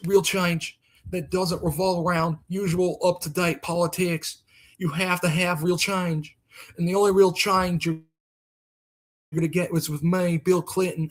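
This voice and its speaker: A man doing a loud, pompous impression of a boastful middle-aged politician giving a mock campaign speech. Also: high voice.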